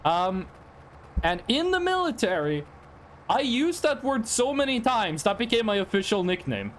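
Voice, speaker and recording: Young Norwegian male streamer, high and animated, rambly and chatty with his viewers. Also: moderate pace, slight background noise. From Norway. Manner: rambling, chatty, talks straight to chat. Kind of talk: casual live-stream chat while gaming.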